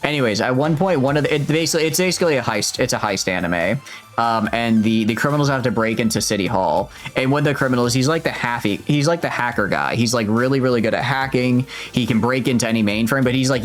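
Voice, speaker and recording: A man's voice: mid-range voice, quick pace, soft background music. A man casually commenting on a video game as he plays, rambling, interrupting himself and reading the game's dialogue aloud. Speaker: streamer. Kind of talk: casual let's-play commentary.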